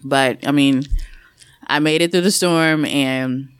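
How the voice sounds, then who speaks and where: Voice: mid-range voice, fairly even intonation, slow, clear, resonant tone, no echo. A speaker in a casual podcast chat who talks candidly and at length about personal experiences, in a chatty, reflective way.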